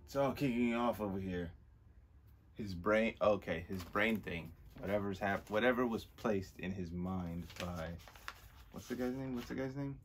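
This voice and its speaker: A man's voice: lowish voice, normal speed, slight background noise. A man casually reading a comic aloud, rambling and questioning himself in asides. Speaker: comic book reader.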